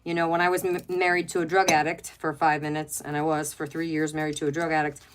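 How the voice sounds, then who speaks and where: A chatty middle-aged woman on a home craft livestream, her voice sitting a little low for a woman. She talks into a webcam in a loose, rambling way. She gushes over pets and reads out viewer comments as she works. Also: flat delivery, fast talker. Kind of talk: casual chat while crafting, reading viewer comments.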